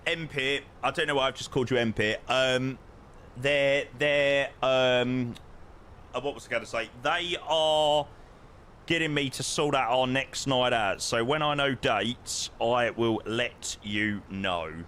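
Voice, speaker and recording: A young man streaming a flight simulator, chatting with viewers in an excitable, talkative way. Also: mid-range voice, measured pace, a little hiss or hum. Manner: excitable, chatty, reacts loudly and greets viewers. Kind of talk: live-stream chat while playing a flight simulator.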